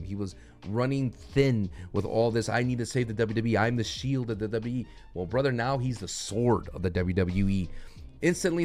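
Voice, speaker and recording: A man talks through a wrestling show recap in a loose, excitable way. He rambles, restarts his thoughts and throws in slang. Faint music plays under his voice. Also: medium pitch. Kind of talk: casual recap commentary.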